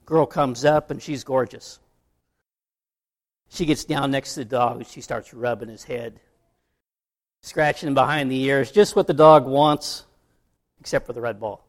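A man's voice: medium pitch, unhurried, long pauses. A man preaching a sermon, telling an illustration story in a conversational way. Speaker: pastor.

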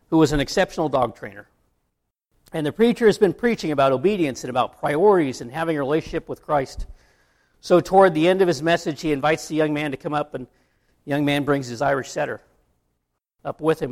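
A man's voice: a little high, fairly quick. A man preaching a sermon, telling an illustration story in a conversational way. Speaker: pastor.

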